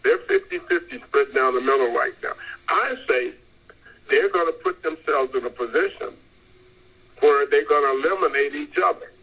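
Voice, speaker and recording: Husky man preaching insistently. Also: fairly high pitch, expressive, normal speed, pushed and bright, poor audio. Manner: emphatic, repetitive, insistent preaching. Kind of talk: street-style sermon.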